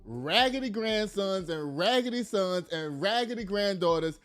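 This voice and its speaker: Emphatic high-voiced man ranting. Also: lively intonation, a little slow, a bit bright, soft background music. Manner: emphatic, blunt, profane, laughs at own jokes. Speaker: commentary host. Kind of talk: casual political commentary.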